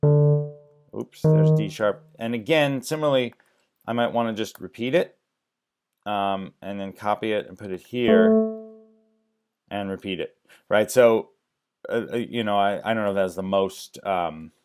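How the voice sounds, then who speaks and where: A man's voice: on the low side, measured pace, pauses often, darkish tone, clean tone. A man teaching music theory in a screen-share lecture, thinking aloud with many ums and restarts.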